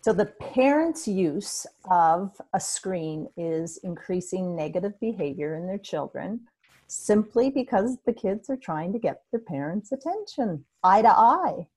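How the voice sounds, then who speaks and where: Slow, mellow, breathy woman. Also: mid-range voice, big pitch swings, low-quality recording. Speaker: parenting educator, interviewer. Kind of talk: conversational interview.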